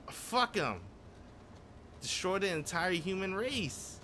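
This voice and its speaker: A man streaming a video game live, reacting aloud with frequent swearing and excitable running commentary. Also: high voice, slow, slight background noise. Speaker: gaming streamer.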